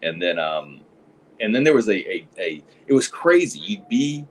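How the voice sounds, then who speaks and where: Deep-voiced man meandering in chat. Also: very animated, normal speed, a little hiss or hum, rough recording. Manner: meandering, hesitant with many ums. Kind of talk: casual chat.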